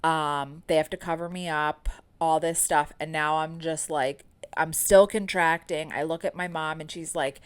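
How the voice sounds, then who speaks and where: A woman's voice: low-pitched, steady tone, normal speed, clean tone. A woman in her thirties, a podcast host telling a candid personal story in a chatty way, full of fillers.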